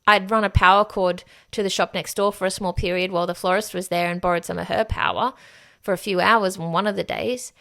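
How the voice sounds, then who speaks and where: A woman's voice: mid-range voice, fairly even intonation, a little fast, gravelly, a bit bright. Frank, sweary woman podcaster. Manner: frank and emphatic, swears freely. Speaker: podcast host. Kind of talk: candid solo podcast monologue.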